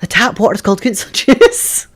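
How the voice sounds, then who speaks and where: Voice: medium pitch, huge pitch swings, a little fast, fairly bright tone. Giggly streamer chatting at a home desk. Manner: giggly, laughs often between remarks. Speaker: game streamer chatting with viewers. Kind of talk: casual live-stream chat.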